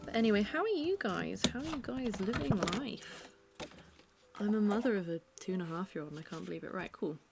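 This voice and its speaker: With a medium-pitched, animated voice carrying some vocal fry, a young British art vlogger talks fairly quickly as she sketches in her living room. She rambles casually and puts herself down. Loud music runs over the recording.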